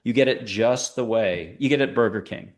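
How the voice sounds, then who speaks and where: A man being interviewed as a spiritual teacher, talking in a chatty, playful way with quick tangents and jokes. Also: fairly low pitch. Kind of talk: conversational interview talk.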